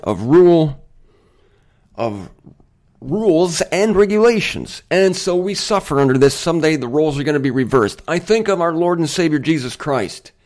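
His voice runs on the high side and a little mellow. On his Bible teaching show he gives a casual, digressive monologue, chatty and emphatic, with self-deprecating humor.

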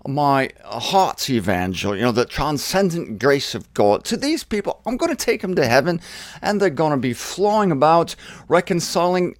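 A man's voice: a little high, no echo. A man voicing God as a jaunty, condescending deity with a put-on accent. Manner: theatrical, breezy and condescending.

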